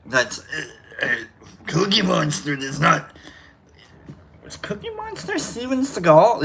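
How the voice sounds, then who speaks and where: A man's voice: high voice, wildly swooping pitch, slow pace, vocal fry, pauses often, a bit bright, a little hiss or hum. A man hosting a casual livestream chat, joking and rambling with self-mocking humor. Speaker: host.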